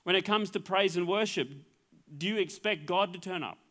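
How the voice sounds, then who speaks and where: A man's voice: high voice, moderate pace, sharp tone. An Australian man, a middle-aged pastor, preaching a sermon in an earnest way, often repeating words and restarting phrases. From Queensland, Australia.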